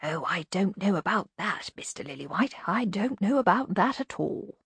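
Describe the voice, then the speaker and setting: A woman reading an audiobook voices a neat, precise veteran thief with a soft, half-whispered voice. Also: mid-range voice, expressive, normal speed, gravelly, breathy edge, no echo, heavily acted. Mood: calm. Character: neat, precise older thief, calm and fussy.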